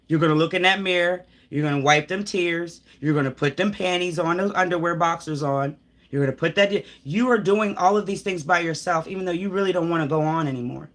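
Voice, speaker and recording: A woman's voice: fairly low pitch, brisk. Woman preaching through a tarot reading. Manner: preachy, emphatic, talks straight at the viewer; rambling, with restarts and sighs. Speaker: tarot reader. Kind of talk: live tarot reading, spiritual pep talk.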